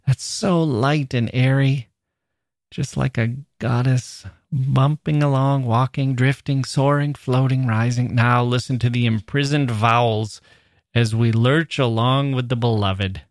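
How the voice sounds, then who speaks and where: A man's voice: medium pitch, steady tone, no echo. Male podcast host, mid-range voice, dry close sound; reflective talk on poetry, leans into the quoted lines. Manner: thoughtful, reads verse lines slowly and deliberately. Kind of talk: answering a listener's email on poetry.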